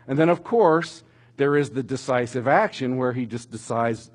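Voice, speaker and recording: A middle-aged man preaching a sermon, telling stories with animated emphasis that rises toward shouting at dramatic moments. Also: medium pitch, slow pace. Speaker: pastor.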